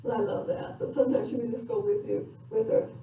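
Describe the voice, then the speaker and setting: Older lady talking parenting, really mellow dark voice, far off in a super echoey room, bit of hiss. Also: fairly high pitch, level tone, fairly quick, gravelly. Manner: conversational, reflective with fillers. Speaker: parenting educator. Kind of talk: recorded lecture.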